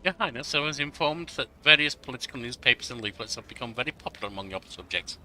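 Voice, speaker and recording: A man's voice: medium pitch, expressive, fast talker, pushed and bright, a little hiss or hum. A man voicing a polite, formal court minister who reports to the ruler in a game. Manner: formal, deferential address.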